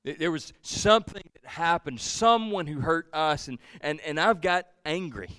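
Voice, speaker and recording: A male pastor preaching a sermon, swinging from loud pleading to hushed, almost whispered lines. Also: on the high side, animated, normal speed, hardly any pauses, clear, resonant tone, no echo, clean studio sound.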